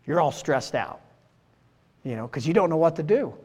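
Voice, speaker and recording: A man's voice: a little high, animated, moderate pace, darkish tone, husky. Older man preaching in an echoing hall. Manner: folksy, rhetorical, peppered with "right?" and "you know". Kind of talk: conversational sermon. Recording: long church-hall reverb.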